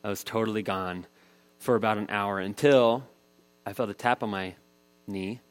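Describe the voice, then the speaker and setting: A man's voice: lowish voice, steady tone, normal speed, smooth. A man in his thirties preaching a sermon, telling a family story in a casual, conversational way. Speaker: pastor.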